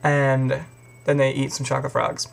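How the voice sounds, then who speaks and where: A young man, a video host, retells a story casually in a mid-range, monotone, creaky voice at a moderate pace. His telling rambles, swears a lot, and is packed with fillers.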